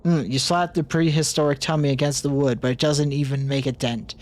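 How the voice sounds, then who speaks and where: A man's voice: a little high, fairly even intonation, brisk. A man streaming a game, reading its story text aloud as narration.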